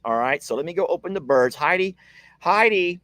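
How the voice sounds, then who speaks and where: Lively man chatting on a ranch live stream. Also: mid-range voice, fast talker, dry recording. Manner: chatty, laughs often, talks to his dogs and commenters. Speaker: ranch vlogger hosting a live video. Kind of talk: casual live-stream chat with viewers. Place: outdoors at a ranch.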